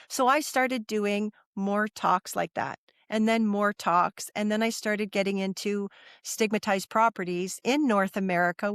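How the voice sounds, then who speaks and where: A woman's voice: mid-range voice, dry recording, studio quality. A middle-aged woman sharing a personal story as a podcast guest, earnest and repeating phrases for emphasis.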